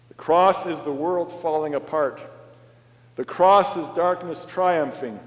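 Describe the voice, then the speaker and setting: Slow-preaching pastor in a reverberant church. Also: male voice, mid-range voice. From Canada. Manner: slow, dramatic preaching with wide swings in volume. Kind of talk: sermon. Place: church sanctuary.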